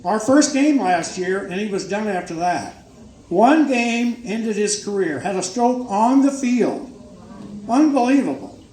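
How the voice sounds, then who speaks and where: At a banquet, an older man hands out awards in a casual, joking, folksy way, heaping emphatic praise on every winner. His high voice is expressive, unhurried, and a little mellow, recorded in an echoey hall full of crowd and noise.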